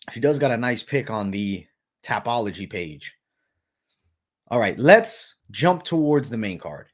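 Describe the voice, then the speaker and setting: A man hosting a live stream, chatting casually in a brash, profane way, peppering his talk with "bro" as he answers viewer questions. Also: medium pitch. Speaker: host of a live betting show.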